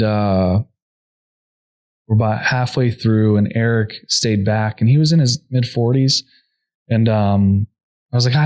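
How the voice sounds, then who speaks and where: Man, young adult, podcast guest, earnest rapid storytelling, middle pitch, lots of "like". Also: darkish tone. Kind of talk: personal story in an interview. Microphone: podcast microphone.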